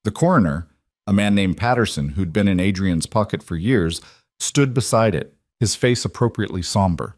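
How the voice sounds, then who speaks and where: A man narrating a dramatic story in a calm, even reading voice. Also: low-pitched, moderate pace, no echo, studio quality.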